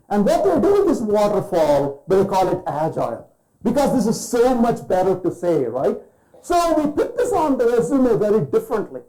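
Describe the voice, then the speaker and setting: A man's voice: high voice, wildly swooping pitch, moderate pace, warm tone, low-quality recording. A man giving a conference keynote, firing rhetorical questions at the audience and acting out quoted voices. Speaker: keynote speaker.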